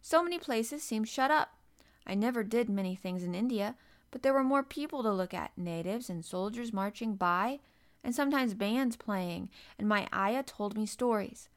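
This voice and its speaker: A woman's voice: mid-range voice, lively intonation, normal speed, natural voice. A woman voicing a lonely, earnest little girl who speaks in a wondering way.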